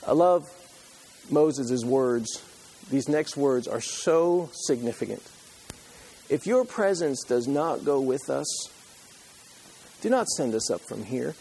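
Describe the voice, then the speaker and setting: A man's voice: mid-range voice, animated, slow pace, creaky, long pauses, breathy edge. A man preaching a sermon, reading scripture aloud and retelling it with passion, pleading at times and dropping to a near whisper at others. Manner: impassioned, pleading when voicing Moses, dropping to a hush.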